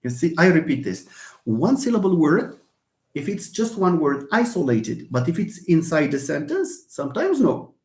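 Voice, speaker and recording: A man's voice: a little high, sing-song, normal speed, a little mellow. Man teaching English online. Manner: explains patiently, repeats examples, answers students by name. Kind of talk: live online lesson. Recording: echoey room.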